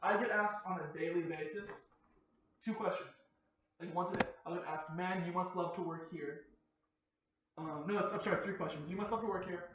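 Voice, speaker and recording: A man's voice: sits high, very noisy. A man hosting a podcast in casual chat, telling funny work stories and acting out the people in them. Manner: fast joking storyteller, acts out quoted customers. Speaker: podcast host. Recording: echoey room, dull far mic.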